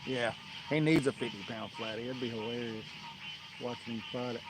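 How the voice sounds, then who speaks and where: A man's voice: mid-range voice, fairly even intonation, brisk. Laid-back man chatting outdoors at night. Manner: easygoing, laughs often, tells funny stories. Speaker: fishing livestream host. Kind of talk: casual live-stream chat. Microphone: camera on a tripod. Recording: outdoor night noise clearly audible.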